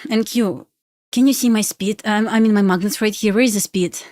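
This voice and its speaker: A woman's voice: mid-range voice, fairly even intonation, brisk, a little mellow, dry recording, clean studio sound. A young woman with a Russian accent chatting on a live trading stream, pleading with the chart and laughing often. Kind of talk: casual live-stream chat.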